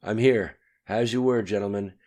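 A man reading an audiobook, voicing a gruff male army general who speaks in short, clipped phrases. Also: lowish voice, fairly even intonation, normal speed, mellow, pitched above the performer's own voice, close to an everyday voice. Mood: brusque.

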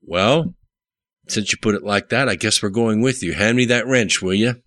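A man's voice: on the low side, moderate pace, a bit bright, voice pushed up, natural voice. A man reading aloud and voicing a cocky male mechanic with a wry, offhand way of talking.

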